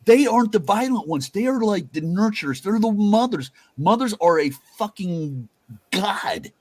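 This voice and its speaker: A man's voice: high voice, animated, moderate pace, darkish tone, no room sound. Rambling, profane man, dry sound. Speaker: host. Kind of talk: casual chat.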